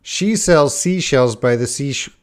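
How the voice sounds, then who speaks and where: Man, teacher, unhurried delivery, chatty live lesson. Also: mid-range voice, expressive. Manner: chatty, laughs at own slips, talks to viewers by name. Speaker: English teacher. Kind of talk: casual live-stream lesson.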